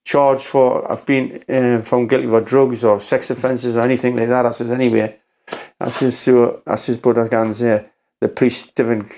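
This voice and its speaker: A man with a Geordie accent, a podcast guest telling a story in a rambling, halting way, acting out quotes with "I says". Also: medium pitch, little pitch movement, darkish tone. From Newcastle, England. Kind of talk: casual storytelling conversation.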